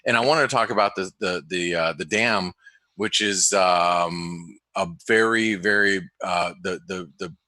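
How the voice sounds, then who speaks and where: Man, webinar host, casual market talk, halting with many fillers, bright tense tone, lowish pitch. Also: dry recording. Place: home office in the desert.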